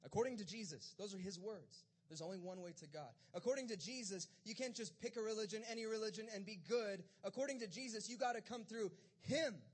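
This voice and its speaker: Male pastor, fairly high voice, relaxed conversational sermon with acted-out dialogue. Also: fairly quick, few pauses. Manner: conversational, acts out disciples' lines in a casual voice. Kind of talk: casual sermon retelling scripture.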